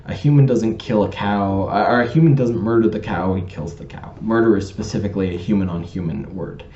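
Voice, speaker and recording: A man's voice: fairly low pitch, a little fast, mellow, a little hiss or hum. A man from Canada tells a personal story to camera in a pedantic, digressive way, with lots of ums and restarts. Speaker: vlogger telling a personal story. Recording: roomy, slightly dull recording.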